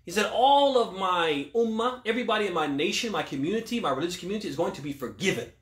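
A male imam giving a religious question-and-answer talk, asking rhetorical questions, then answering them, and quoting Arabic scripture quickly. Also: high voice, lively intonation. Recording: echoey room.

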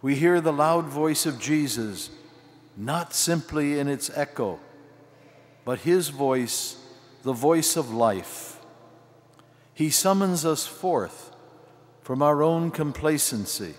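Slow-preaching older man in cathedral reverb. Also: fairly high pitch, animated. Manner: slow, measured delivery in short phrases. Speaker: archbishop preaching. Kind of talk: sermon. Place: large cathedral.

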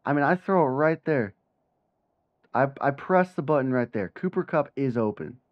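A man giving live commentary on his own football video game, muttering one moment and shouting and swearing the next. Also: moderate pace, lo-fi sound. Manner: swings from low mutter to excited yelling, swears when frustrated. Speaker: gaming channel host.

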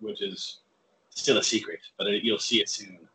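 Guy on a video call, husky bright voice, swears a lot, animated storyteller. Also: fairly low pitch, normal speed, low-quality recording. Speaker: podcast guest. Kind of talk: casual chat.

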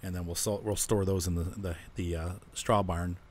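A man's voice: low-pitched, steady tone, moderate pace, slight background noise. A man hosting a co-op farming game, casually explaining his plans as he plays. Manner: explains plans while playing. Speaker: let's-play host. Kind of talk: casual gameplay chat.

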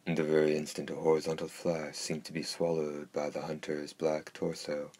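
A man narrating a dark fantasy audiobook with a steady, measured delivery. His voice is extremely deep and husky, and his intonation stays flat. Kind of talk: scripted narration.

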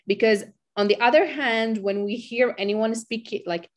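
A woman's voice: fairly high pitch, moderate pace, hardly any pauses. A woman lecturer who speaks Arabic natively, teaching business English on a video call and explaining patiently with examples. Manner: encouraging, explains with examples, frequent fillers. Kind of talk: online lecture with student Q&A.

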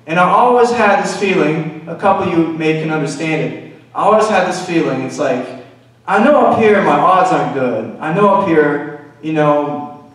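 A man with a slightly high voice preaches in a loose, confessional way, tossing in "you know" as he goes. His voice rings around a big, echoey church hall. It reaches the mic from well off. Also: a bit bright, distant mic. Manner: candid, confessional, frequent "you know" asides. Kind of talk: conversational sermon testimony. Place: church sanctuary.

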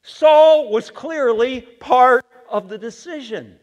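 A male pastor preaching a sermon in a church, animated and acting out the quotes he reads. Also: very high-pitched, takes it slowly, dull audio. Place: church sanctuary. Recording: long reverb of a church sanctuary.

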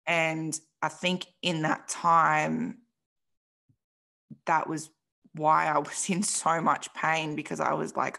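A young woman speaks in a low, gravelly voice. She tells her personal story candidly and emotionally as a podcast guest, swearing freely and filling gaps with "like". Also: little pitch movement, slow pace, bright, forceful tone. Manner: emotional, frank, swears freely, says "like" often.

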